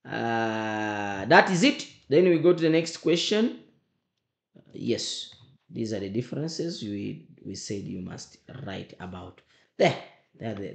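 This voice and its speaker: Male teacher, emphatic and repetitive, mid-pitched voice, echoey room. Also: creaky. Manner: repetitive, emphatic, often checks understanding. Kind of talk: exam memo walkthrough lesson.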